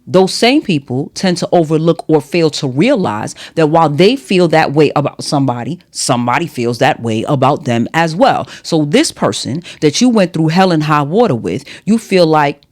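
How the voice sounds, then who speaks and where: A woman's voice: low-pitched, animated, moderate pace, hardly any pauses, darkish tone. A woman hosting a solo podcast, talking to her listeners in a chatty, playful way while teaching at a whiteboard. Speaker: podcast host.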